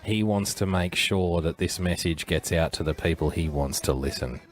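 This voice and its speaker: A man's voice: low voice, moderate pace. A man hosting a livestream, rambling through casual commentary with joking asides and chuckles. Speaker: livestream host.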